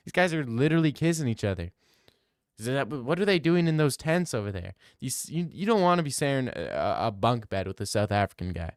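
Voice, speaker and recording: A young man hosts a livestream and chats with his viewers in a crude, joking, rambling way. His voice is smooth and clear at an ordinary pitch. The sound is dry and close. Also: lively intonation, fairly quick, no room sound. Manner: rambling, crude, jokey, slips into silly voices. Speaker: livestream host answering chat. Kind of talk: crude casual livestream chat.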